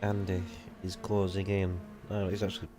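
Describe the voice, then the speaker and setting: A young man commentating an online racing league live, rambling and casual, swearing freely and jumping up when the action heats up. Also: moderate pace. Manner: excitable, rambling, swears casually, jumps to high excited pitch.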